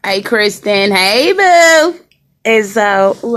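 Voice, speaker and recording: A female livestreamer speaks directly to her audience from a hospital room, ranting with emphasis and going over the same points again. Her medium-pitched voice is animated, slow and a bit bright.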